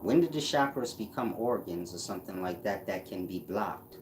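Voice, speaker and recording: A man's voice: deep voice, expressive, normal speed, a little hiss or hum. A man hosting a casual livestream, reading out chat comments and answering them in a blunt, mocking way with frequent laughs. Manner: blunt, mocking, laughs at his own jabs.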